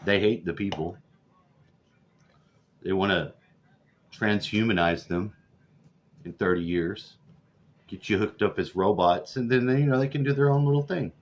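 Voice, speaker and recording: A man's voice: on the low side, measured pace, pauses often. A man over forty, ranting profanely and sarcastically in a rambling vlog. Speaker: vlogger. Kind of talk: profane political rant. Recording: dull lo-fi audio.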